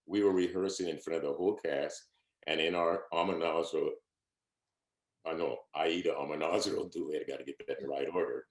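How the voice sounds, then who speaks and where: A man's voice: very deep voice, steady tone, a little fast, roomy sound. An older man, an opera singer, earnestly and humbly reminiscing about his career in an oral history interview. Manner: reminiscing, earnest, humble, repeats quoted speech. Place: at home, on a video call.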